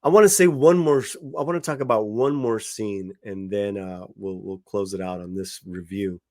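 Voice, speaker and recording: Low-voiced man reviewing a film. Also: normal speed, darkish tone, dry recording, clean studio sound. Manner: conversational, with frequent fillers and restarts. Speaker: movie reviewer. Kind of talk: casual spoken film review.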